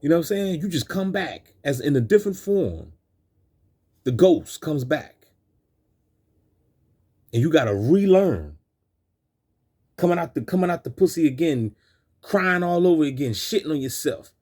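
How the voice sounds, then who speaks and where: Husky, preachy man ranting in street slang. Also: fairly high pitch, lively intonation, normal speed, long pauses, warm tone. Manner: repetitive, stumbling restarts. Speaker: video host. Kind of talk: ranting commentary over film clips.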